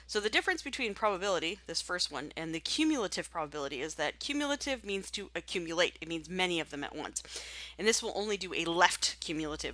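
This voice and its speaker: Bright-voiced woman teaching stats software. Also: on the low side, no room sound. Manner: chatty, thinks aloud while clicking. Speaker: statistics instructor. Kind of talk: screen-recorded software tutorial.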